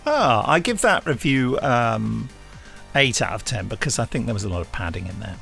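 A man's voice: mid-range voice, big pitch swings, normal speed, creaky, a bit bright, faint music behind. A man co-hosting a podcast with playful banter and joking asides, reading and rating reviews. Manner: playful, joking asides, puts on silly accents. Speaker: podcast co-host. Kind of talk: casual banter.

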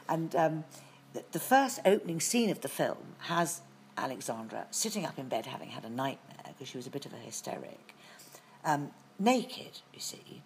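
Middle-aged british actress w a low voice spinning long stories, lots of restarts, faint hiss behind. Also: female voice, moderate pace. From Britain. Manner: lively storytelling with frequent restarts. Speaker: actress as guest. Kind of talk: anecdotal interview chat.

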